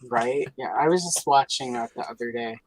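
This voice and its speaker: A woman's voice: very deep voice, normal speed, low-quality recording. A woman hosting a livestream, talking casually and rambling with many fillers. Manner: rambling, lots of fillers, chatty. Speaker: livestream host.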